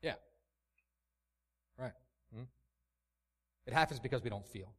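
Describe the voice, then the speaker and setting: Passionate preacher guy, voice all over the place pitch-wise, keeps repeating himself for emphasis. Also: animated, unhurried. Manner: impassioned, emphatic, repeats words. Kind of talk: sermon.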